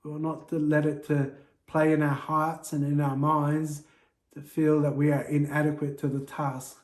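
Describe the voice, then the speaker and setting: A man's voice: fairly high pitch, little pitch movement, measured pace, a little mellow. A man preaching a sermon in a church, earnest and exhorting his listeners. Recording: echoey church room.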